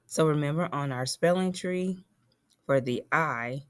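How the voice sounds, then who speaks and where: A woman's voice: deep voice, measured pace, smooth. A woman teacher giving a phonics lesson to young children, patiently spelling and sounding out words.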